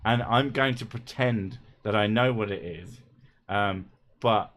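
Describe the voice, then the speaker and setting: A man with a lowish, slightly bright voice hosts a casual comedy livestream. He jokes around, swears freely, and keeps tossing in quick asides.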